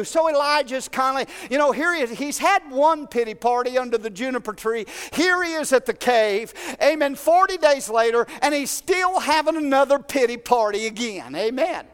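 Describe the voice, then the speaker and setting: A man preaching a fervent Pentecostal sermon in a church, building to shouts. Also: very high-pitched, animated, moderate pace, big-room sound. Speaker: pastor. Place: church sanctuary.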